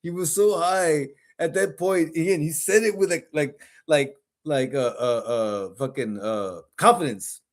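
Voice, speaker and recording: A man's voice: fairly high pitch, a little slow, hardly any pauses. Rambling laughing man telling a story. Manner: rambling storyteller, repeats words, laughs often. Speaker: podcast co-host. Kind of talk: casual chat.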